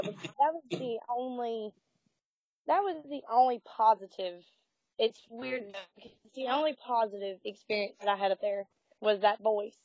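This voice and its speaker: A woman telling a personal ghost story in casual conversation, animated and laughing as she acts out what people said. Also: a little high, dry recording, lo-fi sound. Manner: animated, laughing, voices quoted speech.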